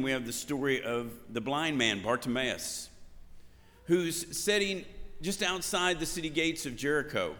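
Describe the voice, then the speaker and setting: Bright-voiced male preacher in a reverberant hall. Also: mid-range voice. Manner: animated storytelling, acting out shouted quotes. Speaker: pastor. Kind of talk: sermon.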